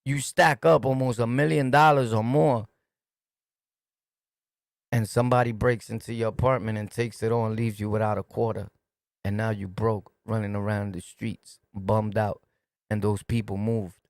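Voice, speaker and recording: A man's voice: lowish voice, steady tone, moderate pace, dry recording, clean studio sound. A man with a New York accent hosting a casual commentary stream, talking in a streetwise, repetitive, emphatic way. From New York City. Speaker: host. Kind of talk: casual commentary to a livestream chat.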